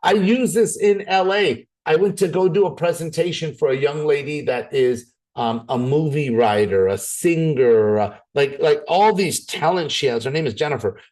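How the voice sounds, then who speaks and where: A man giving an energetic, persuasive sales presentation, often repeating words as he pushes ahead. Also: on the high side, normal speed, hardly any pauses.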